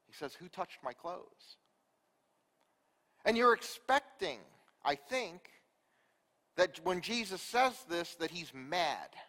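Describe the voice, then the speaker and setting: Slow, high-voiced preacher in a hall. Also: male voice. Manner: storytelling, rhetorical questions, big swings in loudness. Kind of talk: sermon.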